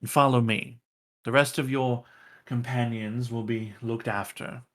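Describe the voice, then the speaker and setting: A man's voice: medium pitch, fairly even intonation, measured pace, a bit bright, natural voice. A man voicing a stern, commanding human bishop in a tabletop game. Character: stern composed male human bishop, mid-thirties.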